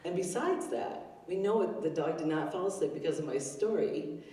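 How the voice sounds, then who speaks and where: Animated yet moderately paced, an older woman with a warm, low-pitched voice does stand-up at an open mic. She tells chatty stories at her own expense, peppered with fillers, on an arts center stage before a live audience, recorded at a distance in a roomy hall.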